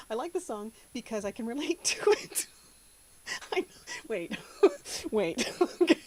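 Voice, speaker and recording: A woman's voice: a little high, expressive, measured pace, pauses often, a little mellow, rough recording. A woman from the American South chatting casually to camera, giggling often. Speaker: channel host.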